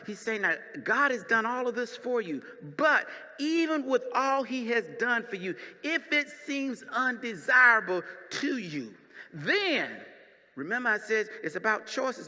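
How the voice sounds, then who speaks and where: A male pastor preaching a sermon, moving between quiet teaching and loud, shouted preaching. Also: sits high. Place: church sanctuary. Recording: long church reverb.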